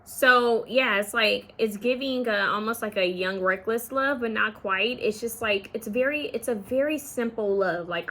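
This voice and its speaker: A woman's voice: a little high, unhurried, hardly any pauses, a bit bright. Rambling woman giving a tarot reading. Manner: rambling, filler-heavy, trails off mid-thought. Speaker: tarot reader. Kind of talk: casual pick-a-card tarot reading.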